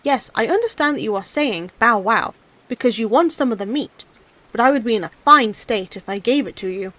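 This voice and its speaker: A woman's voice: on the high side, lively intonation, a little fast, fairly bright tone. A woman voicing a stubborn, hot-tempered old peasant who scolds and grumbles in a storybook reading. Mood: bargaining.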